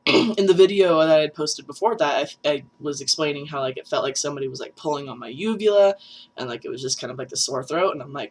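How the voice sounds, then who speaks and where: A man's voice: fairly high pitch, brisk. A young adult trans man with a nasal voice, chatting casually in a vlog and rambling with many fillers. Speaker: vlogger.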